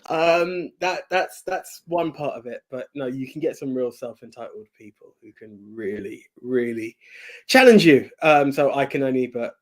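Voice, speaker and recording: A man with a middle-range voice co-hosts a casual podcast. He talks in an easygoing way, hesitating often and filling pauses with small sounds. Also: mid-range voice. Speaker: podcast co-host. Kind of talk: casual chat.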